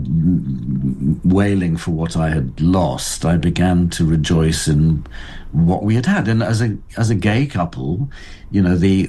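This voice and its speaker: Low, husky older man, reflective. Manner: halting, many restarts, soft and thoughtful. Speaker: guest. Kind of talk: reflective interview talk.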